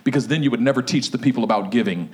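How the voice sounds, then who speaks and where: A man doing a low, stern voice of God. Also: very fast, lightly acted. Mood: solemn.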